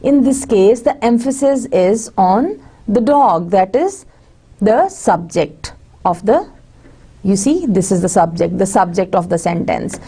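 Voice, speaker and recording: A woman's voice: medium pitch, expressive, measured pace, mellow, husky. A woman lecturer, explaining grammar step by step in a recorded lesson, with many fillers and restarts. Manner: explains step by step with frequent fillers and restarts, slips into Hindi-Urdu asides. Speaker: university lecturer.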